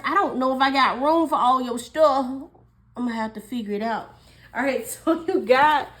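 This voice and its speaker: A woman giving a casual tarot reading, chatty and musing, often laughing as she talks. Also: fairly high pitch. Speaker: tarot reader.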